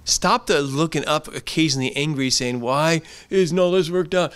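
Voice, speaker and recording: A man's voice: a little high, moderate pace, few pauses, a bit bright, clean tone. A pastor giving an earnest, conversational sermon in a church, often repeating his phrases.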